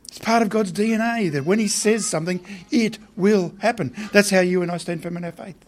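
A man's voice: sits high, fairly quick. A man preaching a sermon in a conversational way, often putting questions to his listeners.

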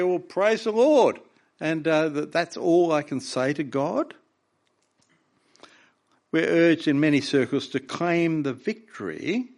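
A man preaching a sermon, reading scripture with raw emotion between plainly explained points. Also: on the high side.

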